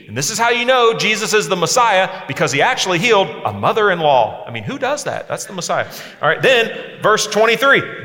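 A man in his forties delivering a sermon with passion, dropping to a hush and then pressing hard. His voice is fairly high and bright, and it rings out with a long reverb in a large hall. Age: 40s. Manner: impassioned, swings between hushed and emphatic. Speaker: preacher. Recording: echoey hall sound.

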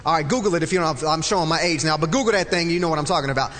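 A man in his forties with a high voice shares a faith testimony, telling it as a vivid story that swings from loud and excited to soft and hushed. His voice rings out with a long reverb, as in a large hall. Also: very fast, faint music behind. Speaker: speaker telling a personal testimony.

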